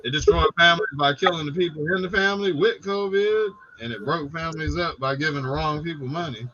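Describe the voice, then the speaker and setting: A man's voice: a little high, fast talker, sharp tone, highs cut off, a little hiss or hum. A man hosting a casual late-night chat, talking in loose, profane banter. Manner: profane, laid-back banter.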